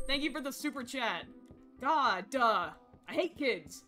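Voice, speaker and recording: A woman streams a horror game with a bright, piercing voice. She shouts and swears at the game characters and then drops into quiet asides, with faint music underneath. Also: high voice, expressive. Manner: rapid swings to quiet asides.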